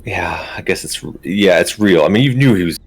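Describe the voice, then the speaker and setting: A man's voice: low voice, lively intonation, brisk. A man running a tabletop game as game master, casual and hesitant, with many ums and easy laughs.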